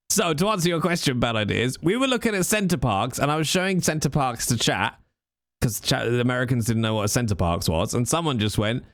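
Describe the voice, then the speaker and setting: A man's voice: fairly high pitch, fairly quick, loud music behind the voice. A man streaming games, chatting casually and joking with his viewers. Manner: lively, joking.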